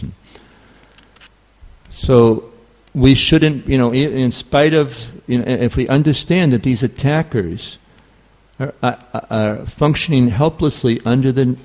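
A man with a New York accent giving a scripture class, halting and full of fillers. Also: medium pitch, a little mellow. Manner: halting, many fillers and restarts. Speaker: spiritual teacher.

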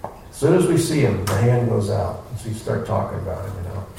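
A man's voice: lowish voice, lively intonation, brisk, gravelly. A man giving an informal scripture class, full of rhetorical questions and playful asides, recorded from a distance in an echoey room. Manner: folksy, rhetorical questions, acts out quotes. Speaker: spiritual teacher giving a class. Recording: echoey room, distant mic, faint noise.

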